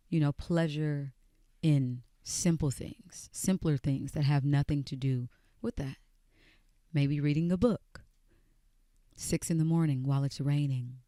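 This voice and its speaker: Calm, soothing woman guest. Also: low-pitched, dry recording, clean studio sound. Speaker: guest musician. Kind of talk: casual radio interview. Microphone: studio microphone.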